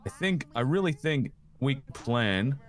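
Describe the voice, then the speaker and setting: A man's voice: mid-range voice, lively intonation, a little slow. A man playing a police officer in game role-play, earnest and laying out plans with some hesitation.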